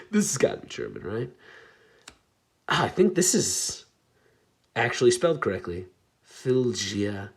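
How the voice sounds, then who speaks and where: A man casually chatting to his viewers while opening trading card packs, chatty and self-deprecating, with bursts of excitement. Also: medium pitch, slow pace, creaky, pauses often. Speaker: card pack opening vlogger. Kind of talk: casual pack-opening commentary.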